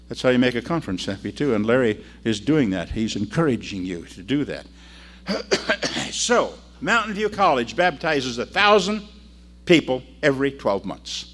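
An older man preaches a sermon in a brisk, sing-song delivery, telling stories and calling on the congregation to answer and repeat after him. He moves between loud preaching and low asides.

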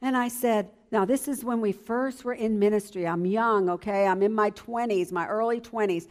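A woman's voice: medium pitch, normal speed. A woman in her seventies giving an enthusiastic church presentation as a health educator. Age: 70s. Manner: lively, enthusiastic, emphatic.

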